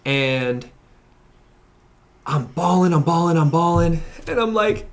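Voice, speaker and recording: A young man, a podcast guest, telling a personal story in casual chat, animated and often laughing. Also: fairly high pitch, unhurried.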